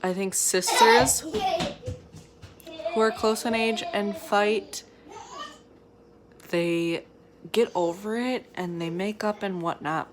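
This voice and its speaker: A young woman, a mother of three, chats to camera in a loose, rambling vlog style, leaning on "like" and trailing off mid-thought. Her voice sits a little low for a woman. Faint household ambience hums underneath. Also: slight background noise. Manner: chatty, rambling, lots of "like". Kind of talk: casual chat to camera.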